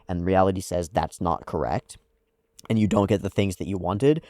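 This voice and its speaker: A man's voice: deep voice, moderate pace, warm tone, dry recording, clean studio sound. A man hosting an anime reaction, talking through a character's psychology in a thoughtful, analytical way with frequent "like"s. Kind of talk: casual reflective commentary.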